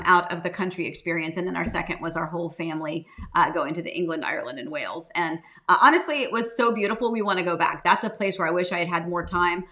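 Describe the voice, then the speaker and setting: A woman realtor hosting a casual live-stream chat, rambling warmly and greeting viewers by name. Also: on the low side. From United States. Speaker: realtor and live show host.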